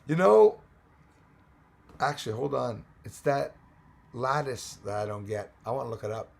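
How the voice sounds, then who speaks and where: A man hosting a casual live-stream chat, rambling and excitable, thinking aloud as he reads from the screen. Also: medium pitch, normal speed, vocal fry.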